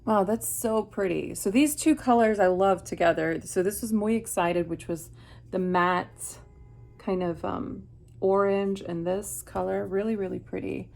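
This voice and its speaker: A woman's voice: mid-range voice, a little slow, creaky, darkish tone. A middle-aged woman from Miami chatting while doing her makeup, reflective and rambling with many restarts. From Miami, USA. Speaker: beauty vlogger. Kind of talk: chatty get-ready-with-me vlog.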